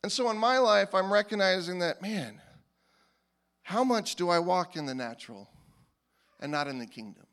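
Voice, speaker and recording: A male pastor preaching a sermon in a casual, animated way, often restarting his sentences. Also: high-pitched, moderate pace, pauses often, clear, resonant tone. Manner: animated and informal, with frequent restarts. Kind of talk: conversational sermon.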